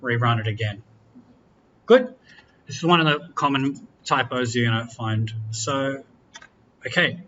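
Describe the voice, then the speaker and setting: Male lecturer, casual and joking, tense bright tone, lo-fi classroom capture. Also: mid-range voice, a little slow, slight background noise. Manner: relaxed, chatty, self-correcting, jokes with students. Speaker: university lecturer. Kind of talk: classroom software walkthrough. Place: lecture room.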